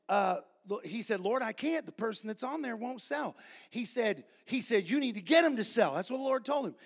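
A man preaching a sermon, telling folksy stories and building to repeated, shouted refrains. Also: high voice, creaky. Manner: folksy storytelling.

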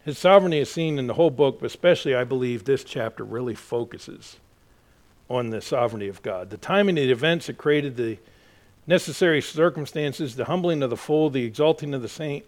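A man preaching a sermon, swinging from hushed asides to loud, impassioned exhortation and talking directly to his congregation. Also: mid-range voice. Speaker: pastor.

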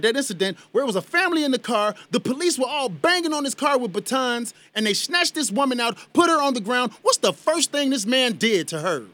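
Male talk radio host, very high and bright voice, emphatic and heated, dry studio sound. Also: no room sound. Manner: emphatic, heated, addresses listeners as y'all. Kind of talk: impassioned talk radio commentary.

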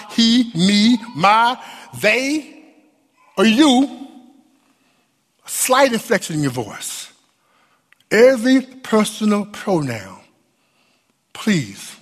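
A man preaches a sermon in a high, ringing voice, taking his words slowly. He leans into repeated phrases and lifts key words into a sung rise. His voice carries a long reverb, as in a large church. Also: fairly bright tone. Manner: emphatic preaching with many repetitions and sung rises. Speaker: pastor.

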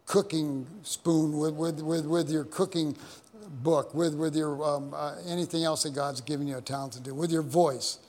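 Rambling preacher in a reverberant hall. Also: male voice, a little high, fairly even intonation, normal speed, darkish tone. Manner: rambling, many repeated words and restarts. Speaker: pastor. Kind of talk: preaching sermon with storytelling.

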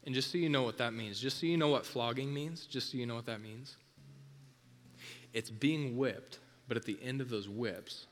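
A male pastor delivering an intense sermon, driving home points with repetition and swinging from loud emphasis to a hush. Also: medium pitch.

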